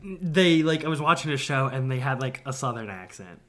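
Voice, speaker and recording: A man's voice: mid-range voice, animated, normal speed, fairly bright tone. A man co-hosting a podcast in casual chat, from the northern United States, rambling, often laughing and trailing off. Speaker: podcast co-host.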